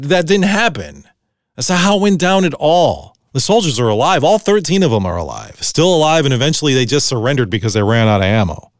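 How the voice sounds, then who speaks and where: A man's voice: fairly high pitch, no echo, studio quality. A middle-aged man hosting a solo podcast, talking bluntly and ranting with lots of swearing. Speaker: podcast host.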